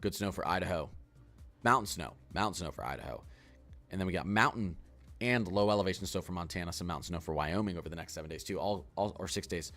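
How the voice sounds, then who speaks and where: A man giving a casual livestream weather forecast, talking quickly and excitably as he chats through model maps. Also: deep voice, soft background music.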